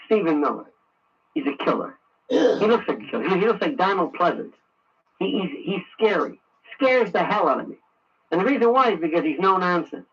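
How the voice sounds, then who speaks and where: A man's voice: high voice, sing-song, brisk, husky. A man giving a sarcastic, ranting talk radio monologue. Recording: muffled radio broadcast, distant.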